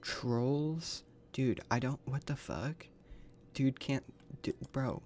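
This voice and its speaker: A man's voice: mid-range voice, slow, a little mellow, a little hiss or hum. A man streaming a game, reading the dialogue aloud and reacting with crude slang and frequent swearing. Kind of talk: casual gaming livestream commentary.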